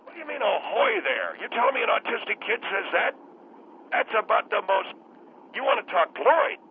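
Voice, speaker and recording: An actor playing a cranky old grandfather and retired courtroom lawyer who calls a radio show, rambling, losing his words and clearing his phlegmy throat. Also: high-pitched, huge pitch swings, normal speed, exaggerated voice. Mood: grumbling. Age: older. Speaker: radio caller. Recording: tinny phone line with faint hiss.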